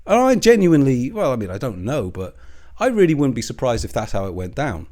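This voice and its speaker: A man's voice: medium pitch, sing-song, a little fast, a little mellow. A man hosting a commentary channel, ranting with heavy swearing and scorn. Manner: profane and scornful, lots of swearing.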